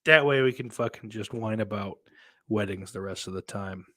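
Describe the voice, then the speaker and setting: A man's voice: lowish voice, normal speed, sharp tone. A man hosting his own podcast, chatting casually and reading out viewer comments, rambling, swearing often and mocking himself. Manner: rambling and heavily profane, self-mocking. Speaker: podcast host.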